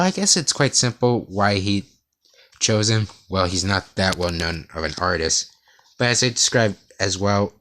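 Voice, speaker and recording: A young man giving a rambling class presentation about an artist, in a monotone with frequent stutters and restarts. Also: on the low side. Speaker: student presenter.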